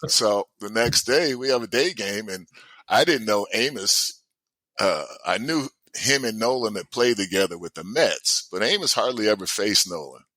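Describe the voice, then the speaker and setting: A man in his sixties telling stories as a guest in a casual chat, animated and often laughing. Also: fairly low pitch, normal speed, no echo. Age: 60s. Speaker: guest, former baseball player.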